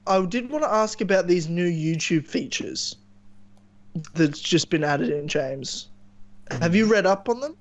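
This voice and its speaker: A man's voice: sits high, lively intonation, measured pace. A man in casual chat on a gaming podcast, joking and restarting his sentences.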